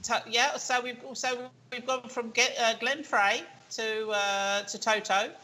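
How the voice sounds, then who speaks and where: A woman's voice: on the high side, steady tone, unhurried, pushed and bright, low-quality recording. A middle-aged woman hosting a casual live video chat from her kitchen, talking in a chatty way, laughing and stumbling over her words. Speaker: host. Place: home kitchen. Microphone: webcam on a video call.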